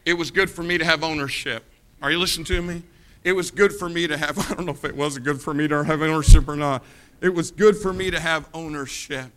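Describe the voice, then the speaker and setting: A man from the United States preaching a sermon, telling an animated personal anecdote and addressing the congregation directly. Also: fairly high pitch, fairly quick. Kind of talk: sermon storytelling.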